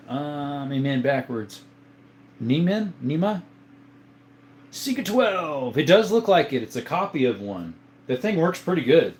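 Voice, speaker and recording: Male livestream host, relaxed and chatty, reads chat aloud, quick chuckles, faint background hum. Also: medium pitch. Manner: easygoing, chuckles often, thinks aloud with fillers. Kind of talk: casual livestream chat, reading comments aloud.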